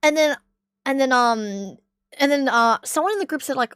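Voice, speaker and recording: A woman's voice: high voice, moderate pace, a bit bright, smooth, no room sound, clean studio sound. A young woman with an Australian accent telling a story to her stream in a casual, rambling way, with many fillers and bursts of laughter. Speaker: livestreamer.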